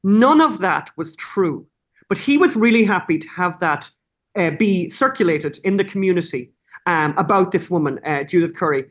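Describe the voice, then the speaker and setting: A middle-aged woman talking as a guest in a casual interview, animated and rambling, with many restarts and self-corrections. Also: lowish voice, moderate pace.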